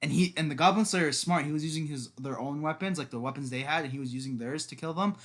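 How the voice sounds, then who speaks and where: A man's voice: a little high, fast, fairly bright tone. A man casually recapping an anime episode with a friend, rambling and teasing, often laughing. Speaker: podcast co-host.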